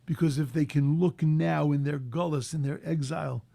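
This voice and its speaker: A man giving a sermon as a rabbi, impassioned, rising to loud emphatic peaks, mixing in Hebrew terms and translating them. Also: a little high, steady tone, moderate pace, vocal fry, dry recording.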